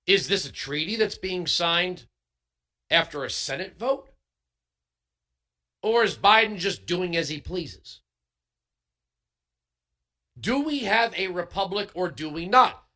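A talk radio host holds forth in an emphatic, sarcastic monologue, peppering it with rhetorical questions. His voice sits high for a man and swings widely in pitch, with a bright, forceful tone. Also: animated, takes it slowly, pauses often.

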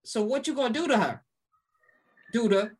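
A woman's voice: fairly high pitch, lively intonation, moderate pace, breathy edge. A woman hosting an interview, chatty and playful, teasing her guest. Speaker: interviewer, host. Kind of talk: casual interview talk.

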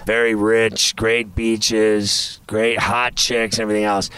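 A man's voice: on the low side, little pitch movement, slow pace, sharp tone, clean tone, no room sound, low-quality recording. A man interviewing a guest, asking blunt, joking follow-up questions. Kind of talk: conversational interview.

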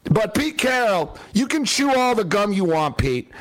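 High-voiced man ranting about football. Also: big pitch swings, normal speed. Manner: exasperated, sarcastic, ranting. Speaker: sports commentator. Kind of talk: opinionated sports rant.

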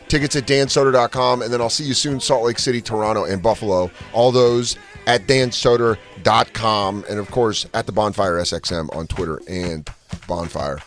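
A man's voice: fairly low pitch, soft background music. A man hosting a podcast, bantering casually with profanity and jokes. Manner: joking, profane, quick banter. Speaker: podcast host. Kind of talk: casual chat.

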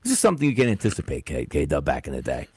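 A man co-hosting a sports talk radio show, talking in an animated, opinionated way and dropping low when he grumbles. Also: rapid-fire, slightly rough, no room sound.

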